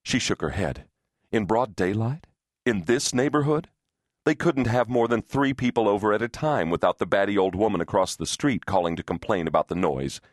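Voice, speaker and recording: A man narrating an unabridged thriller audiobook in a steady, tense storytelling voice. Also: fairly low pitch, a little fast, hardly any pauses, dry recording, clean studio sound.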